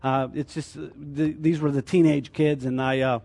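High-voiced man teaching a sermon. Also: flat delivery, normal speed, creaky, darkish tone. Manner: explains with rhetorical questions.

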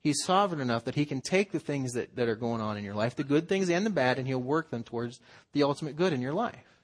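A man's voice: mid-range voice, animated, quick pace. A man preaching a sermon in an earnest, conversational way, acting out quotes as he goes. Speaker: pastor.

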